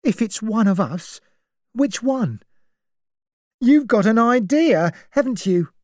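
Nervous manservant, played by a female narrator, pressing and insistent, raised pitch; dry close recording. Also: expressive, takes it slowly, mellow, no echo. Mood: urgent. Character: urgent, nervous male servant. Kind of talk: audiobook character reading.

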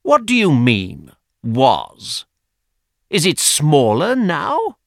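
A man reading the part of a sceptical gentleman, questioning in a raised, doubtful voice. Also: on the high side, wildly swooping pitch, drawn-out words, gravelly, no room sound, clean studio sound, voice pushed up, full character voice. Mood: doubtful, challenging. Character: doubting, argumentative gentleman at a club table. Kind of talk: audiobook character reading.

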